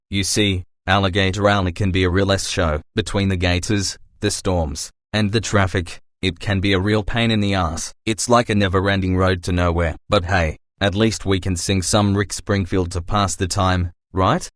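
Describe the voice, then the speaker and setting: A man's voice: low voice, fairly even intonation, moderate pace, few pauses, no echo, studio quality. A man with an Australian accent, chatting in a slangy, jokey monologue as a narrator. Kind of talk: jokey monologue over driving footage.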